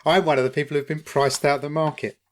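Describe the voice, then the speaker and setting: On a relaxed podcast, a co-host from East London talks with lots of energy, cursing openly and breaking into laughter often. He has a voice pitched a little above the typical male range.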